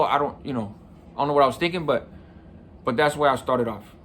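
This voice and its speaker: A man's voice: on the high side, expressive, fast talker, long pauses, a bit bright, slight background noise. Middle-aged man telling a story casually. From San Mateo County, California. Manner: casual, conversational, often adds "right?". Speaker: podcast host. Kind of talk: personal storytelling.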